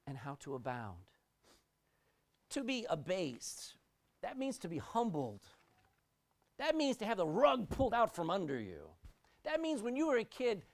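Animated woman preaching a sermon. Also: medium pitch. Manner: expressive, rising and dropping sharply for emphasis; repeats words when restarting.

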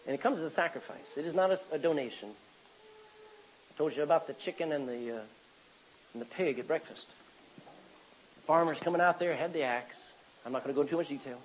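A man's voice: a little high, fairly quick, pauses often, slight background noise, low-quality recording. A man preaching a sermon as pastor, reading scripture aloud and calling out for amens from the congregation.

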